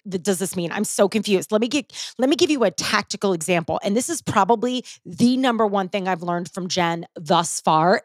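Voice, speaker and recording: Lively woman podcast host, curses a lot, middle of the road pitch, dry sound. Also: no room sound. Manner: animated, swears freely, acts out her past self. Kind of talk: casual podcast chat.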